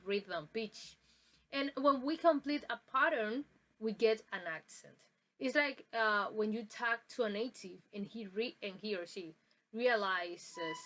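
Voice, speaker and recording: A woman's voice: medium pitch, fairly bright tone, low-quality recording. Woman giving a recorded pronunciation lesson. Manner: explanatory, with frequent fillers and restarts. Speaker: student presenter. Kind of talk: recorded class presentation. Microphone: self-recorded.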